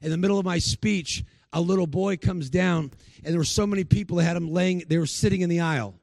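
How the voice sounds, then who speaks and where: A man's voice: sits high, quick pace, darkish tone, dry recording. A male preacher giving a sermon, telling stories and acting out the people he quotes. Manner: storytelling, acts out the people he quotes.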